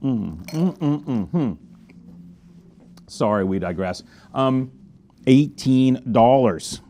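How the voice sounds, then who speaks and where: A man of middle pitch hosts a casual wine review, chatty and enthusiastic. He murmurs appreciatively as he tastes and talks in loose, friendly asides. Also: expressive, slow, a little mellow, a little hiss or hum. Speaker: wine merchant host.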